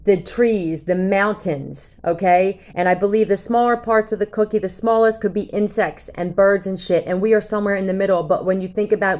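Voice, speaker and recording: This tarot reader has a medium-pitched, darkish voice and addresses her viewers to camera in a casual way. Her talk is blunt and full of swearing, punctuated by frequent "okay?" check-ins.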